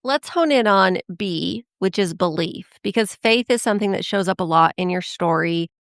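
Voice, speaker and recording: A woman hosts a podcast interview and puts brisk, probing questions to her guest. Her voice is smooth and clear at a middle pitch. It is recorded close and dry. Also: lively intonation, no echo. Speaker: podcast host.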